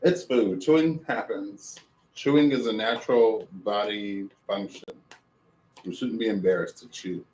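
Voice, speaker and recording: A man's voice: on the low side, unhurried, darkish tone, roomy sound, rough recording. A man streaming casually at home, rambling and amused with himself while he cooks and eats. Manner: rambling, self-amused, talks with mouth full. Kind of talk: casual livestream chat while cooking and eating.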